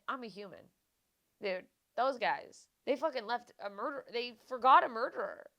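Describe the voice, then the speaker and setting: Young woman, podcast host, swearing, rambling, casual rant, mid-pitched voice. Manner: profane, rambling, animated, self-deprecating.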